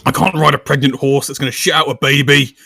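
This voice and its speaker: A man's voice: medium pitch, steady tone, fast, creaky, bright, forceful tone, dry recording. A man playing in a tabletop game, crude and aggressive, swearing a lot in character. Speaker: player. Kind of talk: in-character tabletop role-play.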